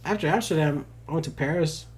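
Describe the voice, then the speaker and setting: A man's voice: a little high, quick pace. A young man co-hosting a podcast, joking and telling stories in casual chat, sometimes slipping into playful put-on voices. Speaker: podcast co-host.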